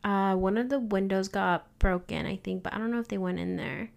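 A woman co-hosting a podcast, telling a story in casual chat, animated and full of "like". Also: medium pitch, a little fast, vocal fry. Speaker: podcast co-host, hair stylist.

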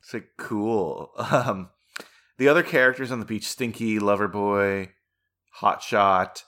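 Bright-voiced laughing podcast man. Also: measured pace. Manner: animated, laughs often, acts out quotes in a higher voice. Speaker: podcast co-host. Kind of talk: casual film-review chat.

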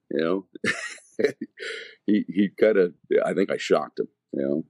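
A man's voice: deep voice, sing-song, normal speed, creaky, darkish tone, dry recording. A man, an evangelist, telling his conversion testimony in casual, slangy talk full of fillers and restarts.

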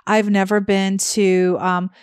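A woman co-hosting a podcast, chatting excitedly with many fillers about a trip. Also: medium pitch, slow pace, smooth, no echo, clean studio sound. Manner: chatty, gushing, lots of fillers. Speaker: podcast co-host. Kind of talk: casual travel chat.

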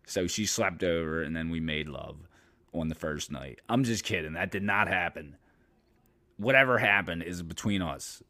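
Low-ish voiced guy rambling on his podcast, swears a lot, tons of blah blah filler. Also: moderate pace, pushed and bright. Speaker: podcast host. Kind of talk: casual storytelling podcast.

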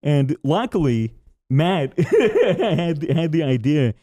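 A man's voice: fairly high pitch, very animated, takes it slowly, warm tone, dry recording, clean studio sound. A man co-hosting a podcast, chiming in with jokes and swearing in casual chat. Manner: chimes in, jokey, swears. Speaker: podcast co-host.

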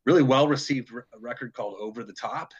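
A man's voice: medium pitch, fast, dull audio. A middle-aged man from Detroit, a touring guitarist telling stories in a casual interview, rambling with lots of restarts and the odd swear. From Detroit, Michigan. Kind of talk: casual storytelling chat.

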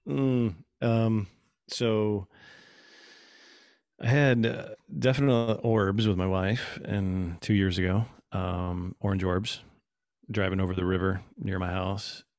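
A man in his thirties chatting casually, telling a story with lively acted-out quotes. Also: lowish voice, slow, no echo, studio quality. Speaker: guest. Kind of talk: casual conversation.

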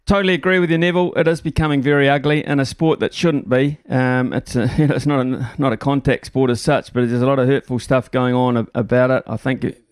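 A man hosting a sports talkback radio show, chatty and relaxed as he thanks callers by name. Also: medium pitch, fast talker, hardly any pauses, clean tone, no echo. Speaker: talk radio host. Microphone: studio microphone.

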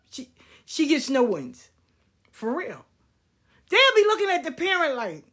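A woman's voice: high voice, huge pitch swings, measured pace, long pauses, fairly bright tone. A woman in her fifties telling stories in a casual, blunt, profane way, acting out the people she quotes. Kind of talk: casual storytelling rant.

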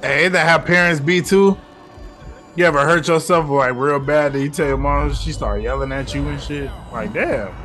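A man's voice: on the high side, moderate pace, fairly bright tone, slight background noise. A man hosting a podcast, reacting to a film in casual, slangy, profane commentary. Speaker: podcast host reviewing a film.

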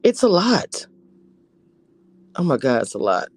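A woman's voice: low voice, very animated, unhurried, slightly rough, no room sound. A woman recapping a TV episode in a casual, chatty way, sometimes dropping to a whisper for emphasis. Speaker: TV show reviewer.

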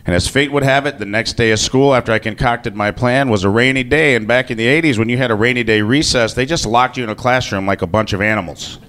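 A man's voice: mid-range voice, fast talker, hardly any pauses, a bit bright, clear, resonant tone. A man telling a personal story to an audience in a casual, joking way, swearing freely. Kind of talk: live comic personal storytelling.

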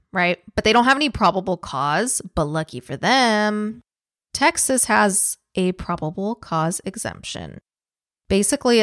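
Woman podcast host, casual true-crime storytelling, swears freely, mid-pitched, dry close sound. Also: fairly bright tone, no room sound. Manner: profane, chatty, laughs easily.

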